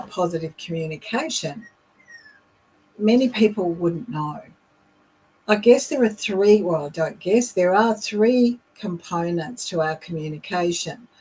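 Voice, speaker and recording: A middle-aged woman speaks as a leadership coach. Her voice is slightly husky and sits a little low, and she talks slowly. She explains step by step, with the odd "um" along the way. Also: a little mellow, rough recording. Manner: slow, measured and explanatory, with frequent fillers. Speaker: leadership coach and podcast host. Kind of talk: instructional talk.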